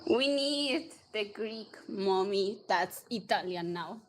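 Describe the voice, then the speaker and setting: A woman's voice: medium pitch, lively intonation, takes it slowly, soft background music. A woman guest on a livestream, chatting casually and reacting with eager exclamations. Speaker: stream guest. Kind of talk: casual chat.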